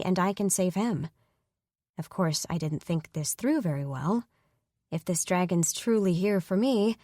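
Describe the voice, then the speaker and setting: A woman narrating a first-person fantasy romance audiobook in a steady, even storytelling manner on a close mic. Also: fairly low pitch, no room sound.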